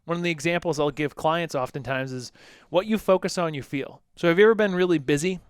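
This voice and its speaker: A man co-hosting a casual fitness podcast as a coach, talking animatedly and acting out quotes in lively voices. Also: a little high, quick pace, clear, resonant tone, no room sound, studio quality.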